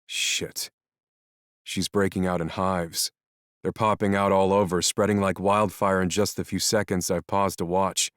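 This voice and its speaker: Deep, dry-voiced male narrator, calm and measured audiobook reading. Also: clean tone, no echo. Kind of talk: first-person scripted narration.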